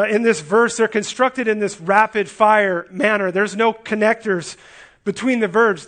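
High-pitched male preacher, earnest and emphatic, expository sermon. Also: a bit bright. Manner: earnest, emphatic, with frequent restarts and rhetorical questions.

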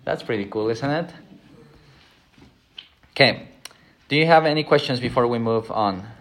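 A man's voice: mid-range voice, normal speed, a bit bright. A middle-aged man teaching a Bible lesson in a conversational, earnest, self-deprecating way. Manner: earnest, self-deprecating, acts out quoted voices.

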